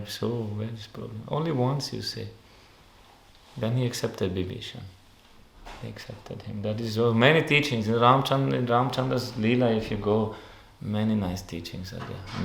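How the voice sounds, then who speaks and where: A man's voice: medium pitch, creaky, reverberant. A man, not a native English speaker, giving a devotional discourse in simple, repetitive phrasing with recited Sanskrit verses. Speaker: spiritual teacher. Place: ashram hall.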